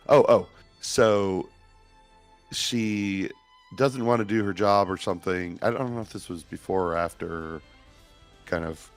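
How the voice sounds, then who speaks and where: A man's voice: low voice, measured pace, soft background music. A man co-hosting a podcast, chatting casually and rambling as he loses his train of thought. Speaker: podcast co-host. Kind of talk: casual chat.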